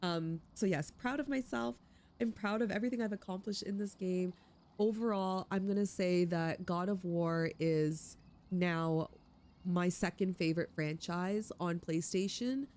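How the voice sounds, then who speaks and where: A woman's voice: lowish voice, darkish tone. Emotional, chatty young woman gamer. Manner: emotional and enthusiastic, chatty with fillers. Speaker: let's play host. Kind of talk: gaming commentary and wrap-up.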